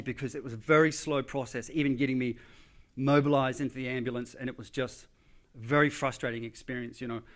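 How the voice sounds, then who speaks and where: Man telling a vivid story on stage. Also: mid-range voice. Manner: vivid, conversational storytelling with quoted dialogue. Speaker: motivational speaker. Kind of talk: storytelling keynote speech. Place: event stage before an audience.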